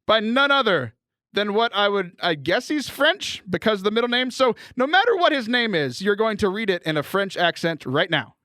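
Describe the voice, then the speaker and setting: A man co-hosting a chatty podcast, joking at his own expense with quick laughs and talking through bronchitis. His voice sits high and swings widely, bright and tense in tone. The sound is dry and close. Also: very animated, no room sound. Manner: jokey, self-deprecating, quick laughs. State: has bronchitis. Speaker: podcast host. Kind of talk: casual chat.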